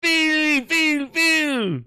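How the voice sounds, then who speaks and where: A man hosting a casual gaming show, excitable and slangy, often breaking into laughter while he reacts. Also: extremely high pitch, drawn-out words, dry recording, clean studio sound. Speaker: host. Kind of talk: casual live-show commentary.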